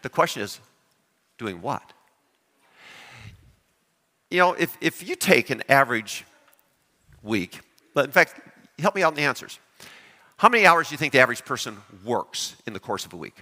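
A man preaching a sermon, lively and animated, often putting questions to his congregation. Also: medium pitch, normal speed, pauses often, big-room sound. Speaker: pastor.

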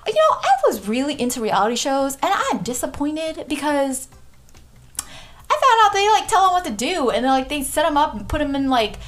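A woman's voice: high-pitched, very animated, moderate pace. A woman in her thirties hosting a podcast, talking frankly in a rambling, casual way, with many restarts and the odd swear. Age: 30s. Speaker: podcast host. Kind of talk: candid casual monologue.

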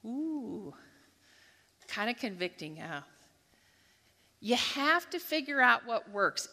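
Bright-voiced woman telling a devotional story. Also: fairly high pitch, slow pace, long pauses. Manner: lively storytelling, acting out her own thoughts. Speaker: speaker at a church gathering. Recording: long hall reverb.

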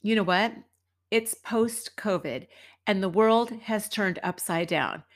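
A middle-aged woman from the United States hosts a podcast and tells a casual story with a wry edge. Her voice sits at a middle pitch, and she sounds chatty and at ease. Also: slow. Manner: chatty and wry, acts out quoted people. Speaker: podcast host and dance teacher.

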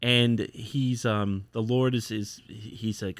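A man's voice: fairly low pitch, fairly even intonation, takes it slowly, no room sound. A man co-hosting a podcast, casually retelling a comic's story with lots of fillers and acted-out quotes. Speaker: podcast co-host. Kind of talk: casual chat.

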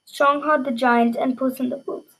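A woman reading a children's fantasy storybook aloud in lively first person, with small slips. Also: sits high, moderate pace, husky, low-quality recording.

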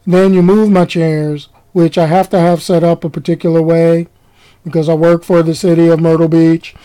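A man voicing a bored male beach chair attendant who drones every word in a flat, weary monotone. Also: on the high side, normal speed, clean tone, pitched below the performer's own voice, lightly acted. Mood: droning annoyance.

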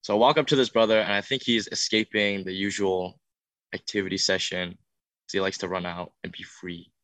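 A man's voice: deep voice, steady tone, moderate pace, fairly bright tone, dry recording. A young man who leads youth workshops, telling a heartfelt testimony in an earnest, emotional way that builds in intensity. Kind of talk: testimony talk.

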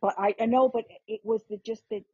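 A middle-aged woman, a guest host, telling a family story in casual chat, animated, with frequent restarts and casual swearing. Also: on the high side, fairly quick, slightly rough, no room sound. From New York. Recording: muffled lo-fi podcast audio.

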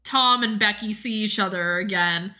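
A woman's voice: medium pitch, sharp tone. A woman co-hosting a podcast, chatting casually and giggling as she recaps a musical. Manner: giggly, quick, acts out bits of scenes in chatty voices. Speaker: podcast co-host.

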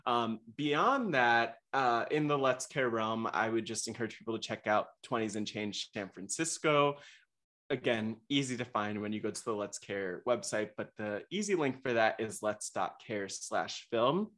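A man's voice: lowish voice, expressive, moderate pace, fairly bright tone. A young man talking as a podcast guest, eager and rambling, with frequent restarts and fillers. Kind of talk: casual interview chat.

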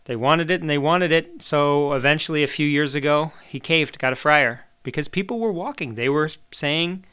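Male podcast host, middle-aged, chatty and opinionated, smooth clear tone. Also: fairly high pitch, normal speed, pushed and bright. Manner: chatty, opinionated, swears casually. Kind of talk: casual monologue.

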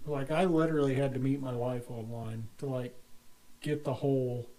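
A man's voice: medium pitch, fairly even intonation, moderate pace, crowd noise. A man co-hosting a casual basement podcast, joking crudely and poking fun at himself. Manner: joking, profane, self-deprecating. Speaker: podcast co-host.

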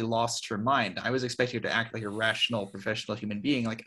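A husky, slightly low American man speaking as a podcast guest. He talks frankly and with energy, slipping into quoted voices to act out what others said. It comes across as relaxed, casual interview talk. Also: quick pace, few pauses. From United States. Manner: frank and animated, acting out quoted people. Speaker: podcast guest, author and publisher.

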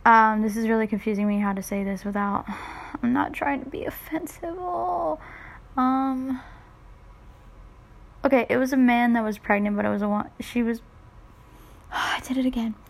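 A woman's voice: on the high side, steady tone, moderate pace, pauses often. Congested young woman rambling on a podcast. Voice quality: congested, nasal from sinuses. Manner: rambling, self-deprecating, jokey asides. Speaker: podcast host. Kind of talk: casual solo podcast chat.

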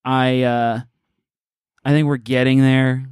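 A man's voice: mid-range voice, little pitch movement, slow, a little mellow, clean tone, no echo, clean studio sound. A man co-hosting a podcast, leading the discussion with frequent restarts and hesitations. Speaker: podcast co-host. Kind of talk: casual chat.

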